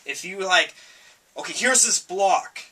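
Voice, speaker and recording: A man casually reviewing a video game with a co-host, halting and repeating his words, coughing now and then. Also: high voice, lively intonation, bright, forceful tone. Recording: voice from far off the mic.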